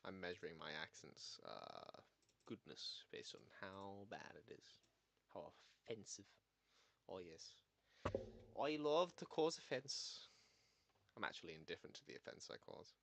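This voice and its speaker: A man streaming while he edits video, muttering low-key, deadpan asides. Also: moderate pace, creaky. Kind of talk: casual streaming chat while editing.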